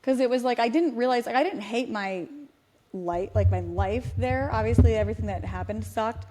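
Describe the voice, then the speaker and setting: A woman's voice: fairly high pitch, moderate pace, dark tone. A woman in her thirties hosting a podcast, chatting casually and telling stories that quote other people in her own voice. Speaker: podcast host. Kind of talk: casual chat.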